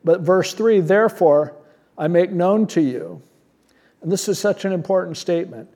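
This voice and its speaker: A pastor with a high, mellow voice preaches a sermon, animated and at normal speed. He teaches verse by verse, conversational and plain-spoken, tossing out rhetorical questions.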